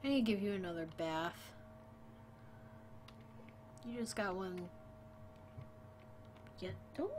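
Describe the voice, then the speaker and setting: A sleepy woman chats casually to her viewers while she plays, drifting between remarks on the game and her dog. Her voice sits at a middle pitch. A faint hiss of noise runs under the home recording. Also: expressive, moderate pace, pauses often, a little mellow. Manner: sleepy, chatty, talks to chat and her dog. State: tired. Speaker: streamer. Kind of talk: casual gaming stream chat. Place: home, late at night.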